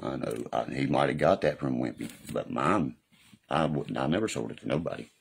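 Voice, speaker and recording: Gravelly deep-voiced man ranting on a live stream. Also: lively intonation, a little fast, slight background noise. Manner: rambling, profane, keeps asking "you know what I mean". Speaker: livestreamer. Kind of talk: casual live-stream talk. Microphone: phone or webcam on a live stream.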